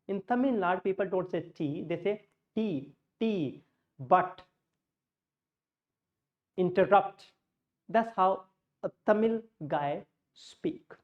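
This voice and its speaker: A woman teaching pronunciation, slow and deliberate, repeating key words as she demonstrates sounds. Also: medium pitch, lo-fi sound. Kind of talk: spoken English lesson.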